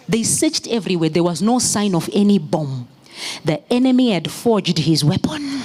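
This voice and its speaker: A woman preaching a sermon in church, moving from storytelling into fervent, shouted exhortation. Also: medium pitch, lively intonation, moderate pace, a little hiss or hum. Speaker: pastor's wife preaching.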